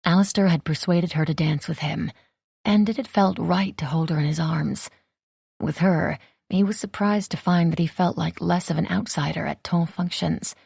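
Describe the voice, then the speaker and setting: A woman narrating a romance audiobook in an even, measured reading. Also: fairly low pitch, gravelly, husky, no room sound, clean studio sound. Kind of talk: scripted narration.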